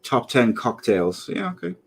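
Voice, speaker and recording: A man's voice: mid-range voice, sing-song, unhurried, gravelly, breathy edge. A man in his thirties co-hosting a casual podcast chat, joking and often laughing at his own gags. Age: 30s. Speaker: podcast co-host.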